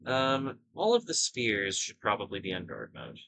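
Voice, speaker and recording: A man's voice: lowish voice, big pitch swings, normal speed, gravelly, pushed and bright, low-quality recording. A man hosting a gaming video, giving casual gameplay commentary and thinking aloud in rambling asides.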